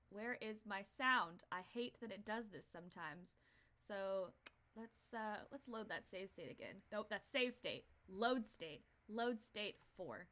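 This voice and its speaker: A woman's voice: mid-range voice, unhurried, bright, forceful tone. A young woman streamer chatting casually through gameplay, rambling, swearing freely and laughing often.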